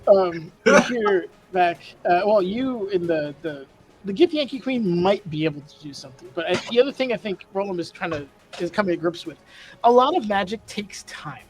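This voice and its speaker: High-voiced man running a tabletop game. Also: lively intonation, normal speed, rough recording. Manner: casual, thinks aloud with fillers. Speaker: dungeon master. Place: home streaming setup.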